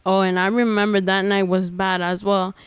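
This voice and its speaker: A woman's voice: medium pitch, level tone, moderate pace, clear, resonant tone, no room sound. A young adult woman, a podcast guest, giving an earnest personal testimony in casual talk, full of "like" fillers. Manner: earnest storytelling, many "like" fillers.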